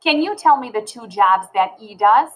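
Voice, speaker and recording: A woman teaching a phonics lesson to young children, sounding words out slowly and clearly. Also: a little high, expressive, poor audio.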